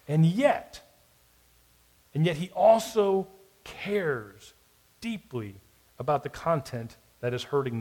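A male pastor with a voice a little above the usual pitch preaches a sermon. He talks reflectively, dropping into soft, quiet asides and then rising into emphatic declarations. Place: church or podcast recording.

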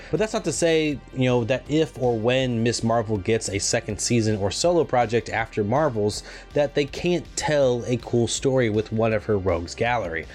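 Man, mid-pitched, podcast co-host, casual review talk, faint music underneath. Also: a little mellow. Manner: reads recaps from script, then chats with fillers. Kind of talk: casual pop-culture review chat.

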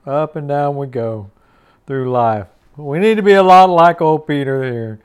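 Slow, smooth-voiced folksy male preacher. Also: a little high. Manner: folksy and repetitive, chuckles often. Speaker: devotional host. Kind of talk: short radio-style devotional sermon.

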